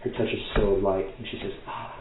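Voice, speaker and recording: A man's voice: lowish voice, little pitch movement, fast talker, far from the mic, background noise. A man as game master, narrating a tabletop game in a casual way with fillers. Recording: echoey, tinny online call with music.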